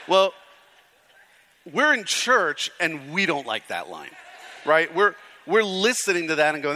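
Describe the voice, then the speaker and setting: A man's voice: on the high side, sing-song, a little slow, pushed and bright. A man preaching a conversational sermon as pastor, with frequent restarts, in a large church hall. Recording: hall reverb.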